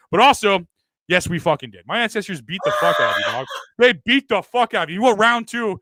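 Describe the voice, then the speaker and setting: Loud fast-talking man ranting. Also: sits high, expressive, no room sound. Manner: loud, profane, mock-boastful ranting. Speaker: podcast host. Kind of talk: crude comedic podcast banter.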